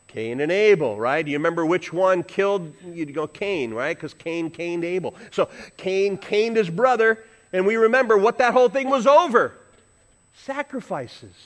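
Man, pastor, sermon, slightly high voice, chatty, asks questions. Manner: conversational, asks the congregation questions.

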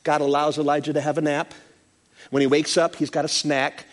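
A man, a pastor, preaching a sermon with animated, playful storytelling and quick asides. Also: a little high.

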